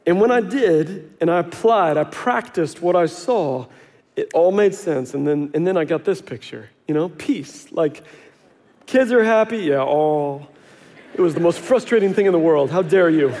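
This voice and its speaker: A male pastor in his thirties delivers a sermon with animated storytelling, acting out what people said and poking fun at himself. His voice sits high for a man. The sound carries a long reverb, like a large church sanctuary. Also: moderate pace. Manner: animated storytelling, acts out quotes, self-deprecating humor.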